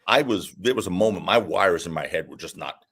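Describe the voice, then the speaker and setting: Guest attorney, male: low, slightly husky voice, swings widely in pitch, animated storyteller. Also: brisk. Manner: animated, lively anecdote-telling. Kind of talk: casual interview storytelling.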